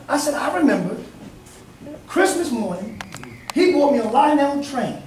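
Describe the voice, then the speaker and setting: Fervent, high-voiced preaching bishop. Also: male voice. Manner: fervent, storytelling, often shouting. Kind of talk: sermon. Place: church sanctuary. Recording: echoey church from a distance, congregation audible.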